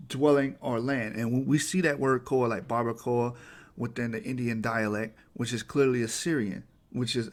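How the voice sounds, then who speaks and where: A man talking through a slide presentation, emphatic and often asking "right?" to the listener. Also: mid-range voice.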